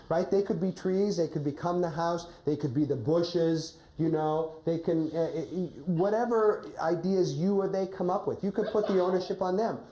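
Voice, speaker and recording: A woman's voice: lowish voice, warm tone, echoey room, slight background noise, low-quality recording. A woman coaching a teacher during a class, thinking aloud and often checking in with "right?".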